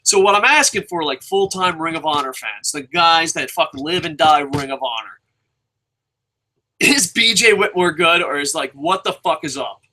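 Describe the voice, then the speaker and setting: Bright-voiced, swearing wrestling reviewer man. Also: on the high side, moderate pace, slight background noise, poor audio. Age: adult with a son. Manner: rambling, swearing heavily, excitable. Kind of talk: casual profane rant.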